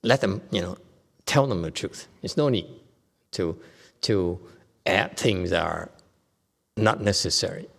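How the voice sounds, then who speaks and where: Joking Buddhist master in a reverberant hall. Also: male voice, low voice, lively intonation, unhurried, vocal fry, long pauses. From Vietnam. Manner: joking, conversational, keeps checking in with the audience. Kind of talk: dharma lecture. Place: temple lecture hall.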